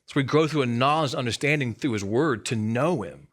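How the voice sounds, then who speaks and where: A man's voice: medium pitch, a little fast, hardly any pauses, a bit bright. A man giving a sermon as a church's student ministry coordinator, conversational and emphatic, repeating key lines and adding light humor.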